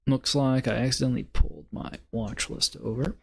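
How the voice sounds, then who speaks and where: A man's voice: mid-range voice, fairly quick, vocal fry, slightly rough. A man hosting a casual trading live stream, laid-back and muttering, breaking into swearing laughter.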